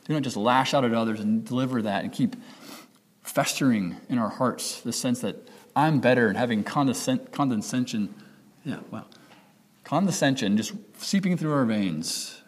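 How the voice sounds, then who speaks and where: A man's voice: medium pitch, lively intonation, moderate pace, breathy edge, in a large hall. A man preaching a sermon as pastor, talking in a conversational way, correcting himself and acting out the voices in people's heads. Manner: conversational, self-correcting, acts out quoted inner voices.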